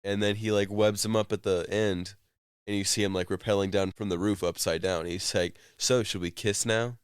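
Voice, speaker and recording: A man with a low, smooth, resonant voice co-hosts a casual podcast chat. He rambles through the story of a game scene, leaning on "like" as he goes. The sound is dry and close. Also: level tone, a little fast, no echo. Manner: rambling storyteller, many "like" fillers. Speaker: podcast co-host.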